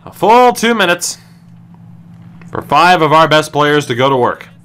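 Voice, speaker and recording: A man commentating his own hockey video game, swinging between low groans and excited shouts. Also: a little slow, clean tone. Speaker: gaming streamer.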